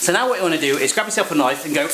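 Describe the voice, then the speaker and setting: Racing along in a slightly high, animated voice, this channel host cooks in an echoey home kitchen against a noisy background. His demo is casual and full of jokes and goofy asides.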